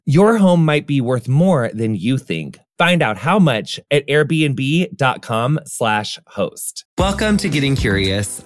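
A man's voice: mid-range voice, very animated, slow pace, few pauses, soft background music. An effusive man hosting a podcast, chatting casually and calling people darling and honey. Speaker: podcast host. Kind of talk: casual chat.

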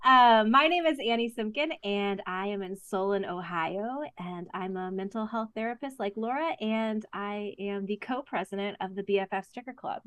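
A young woman chats as a podcast guest, laughing often and acting out quotes with bursts of energy. Her voice sits at a middle pitch and sounds dry and close to the mic. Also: normal speed, few pauses, clear, resonant tone, no room sound. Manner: giggly, lively, animated storytelling. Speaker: guest, therapist. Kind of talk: casual interview chat.

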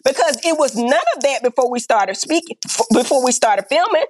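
Blunt, animated high-voiced woman. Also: fairly quick. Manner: blunt and animated, acts out quoted dialogue, peppers talk with "right?". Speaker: reality TV star and podcast guest. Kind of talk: candid interview storytelling.

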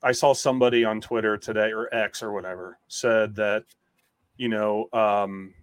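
A man's voice: fairly low pitch, little pitch movement, normal speed, dry recording. A man who writes about football, chatting on a sports podcast and reciting contract figures in an analytical way. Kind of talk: casual sports podcast chat.

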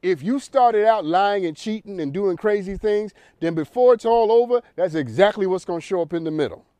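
Animated, preachy talk show host man. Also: high voice, a little fast, clean tone, dry recording. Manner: preachy, emphatic, repeats for effect.

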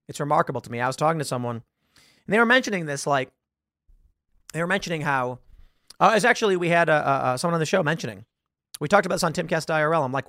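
A man's voice: high-pitched, a little fast, no echo, studio quality. A man hosting a podcast, giving an opinionated commentary monologue and acting out the people in his stories. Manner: animated storytelling, acts out quoted voices. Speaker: podcast host.

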